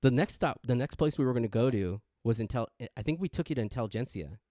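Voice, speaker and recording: A young man co-hosting a podcast, telling a story in casual chat with lots of restarts and quoted voices. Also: quick pace. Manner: animated, acts out quotes with big pitch jumps; frequent restarts and stammers. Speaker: podcast co-host.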